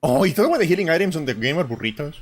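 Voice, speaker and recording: Fast-talking joking man. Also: on the high side, very animated, no room sound. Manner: joking, teasing. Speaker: streamer. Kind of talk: casual chat.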